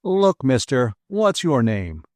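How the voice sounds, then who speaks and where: A curt trooper, as a man plays him, snapping orders in a raised voice. His pitch jumps around as he presses. The sound is dry and close. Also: very animated, slow pace, darkish tone, no echo. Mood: stern. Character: brusque commanding male state trooper.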